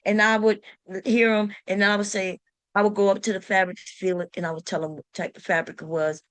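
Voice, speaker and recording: A woman's voice: mid-range voice, little pitch movement, a little fast, fairly bright tone, dry recording. A woman hosting a sewing channel, telling a story to camera in a casual, emphatic way and talking straight to her viewers with exasperated rhetorical questions.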